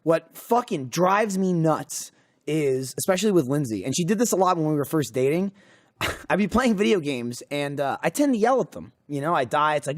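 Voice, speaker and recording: A man co-hosting a podcast in casual chat, telling stories in a profane way with shouted outbursts. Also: sits high, lively intonation, fast talker. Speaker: podcast co-host.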